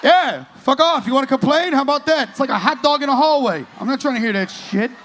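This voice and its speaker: A man's voice: very high-pitched, lively intonation, fast, fairly bright tone, a little hiss or hum. A man in his late thirties doing a profane stand-up comedy set on a club stage, teasing the crowd. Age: 30s.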